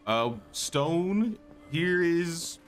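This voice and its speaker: Speaking very slowly in an expressive, higher-leaning voice, a man narrates his live game stream casually, thinking aloud and greeting viewers. Soft music plays underneath, and his voice is slightly going.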